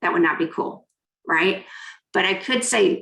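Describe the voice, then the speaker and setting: A woman's voice: lowish voice, unhurried, creaky, a bit bright, reverberant, rough recording. A woman giving an interactive keynote on negotiation, coaching her audience through hand exercises and reading out their typed comments. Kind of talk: interactive online workshop talk.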